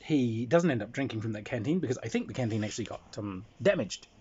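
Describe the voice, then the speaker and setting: A man's voice: medium pitch, lively intonation, fast talker, a little mellow, husky, dull audio. A man telling a playful anecdote about a tabletop game, slipping into character voices. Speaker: storyteller recounting a tabletop game. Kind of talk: casual anecdote with acted-out voices.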